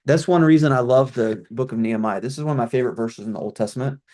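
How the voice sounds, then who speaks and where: A man's voice: medium pitch, quick pace, dark tone. Conversational middle-aged man, former pastor. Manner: conversational, many restarts and fillers. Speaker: ministry consultant, former pastor. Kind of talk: presentation on a call.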